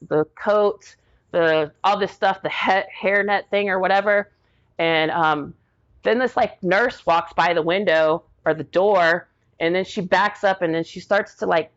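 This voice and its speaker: A woman's voice: fairly low pitch, a bit bright, muffled recording. A middle-aged woman guest telling a personal story with strong feeling. She talks casually, full of fillers, and acts out the quoted dialogue. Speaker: podcast guest.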